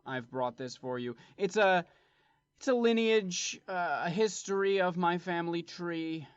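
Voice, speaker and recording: A man's voice: sits high, unhurried, clear, resonant tone, no echo, lo-fi sound, voice pushed up. A man playing a wealthy, self-assured young nobleman in a tabletop game, speaking in a pompous, smug way.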